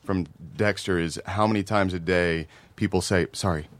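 A middle-aged man talking as a guest in a casual podcast chat, wry and self-deprecating, often pausing and restarting his sentences. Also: sits low, fairly even intonation, no room sound. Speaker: actor guest.

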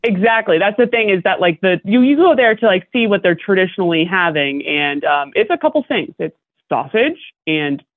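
Animated young woman on a tinny line. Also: medium pitch, moderate pace, no echo. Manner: animated storytelling with frequent laughs. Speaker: guest. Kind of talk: casual podcast chat. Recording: dry, tinny phone-like line.

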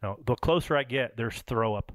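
A man hosting a podcast who is also a race driver, telling animated stories in casual chat and swearing now and then. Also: medium pitch, a little fast, no room sound.

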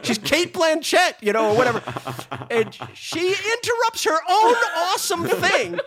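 High-pitched, animated middle-aged man. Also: measured pace, a crowd in the background. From Rhode Island. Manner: animated, acts out the people in his stories; laughs often while telling stories. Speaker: podcast guest. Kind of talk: casual storytelling.

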